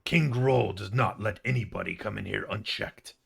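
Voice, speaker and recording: A man voicing a gruff, brutish male bugbear who leads a castle and blusters defensively. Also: lowish voice, normal speed, a bit bright, full character voice.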